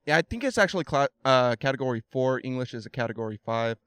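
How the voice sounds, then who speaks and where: A man talking as a podcast guest, explaining things thoughtfully and slowly, with many fillers and restarts. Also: medium pitch, lively intonation, fairly bright tone, clear, resonant tone, no room sound. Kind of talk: casual conversation.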